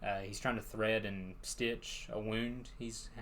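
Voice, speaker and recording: A man's voice: on the low side, level tone, takes it slowly, a bit bright, a little hiss or hum. A young man co-hosting a podcast, chatting casually about a book and laughing often. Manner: laid-back, laughs often, plenty of fillers. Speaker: podcast co-host.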